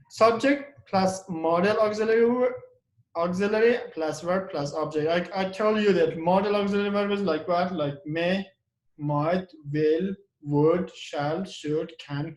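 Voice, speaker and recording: A man teaching an English grammar lesson to a class. His voice sits a little high for a man, and he repeats example sentences slowly with heavy stress, often restarting mid-phrase. The room around him is echoey.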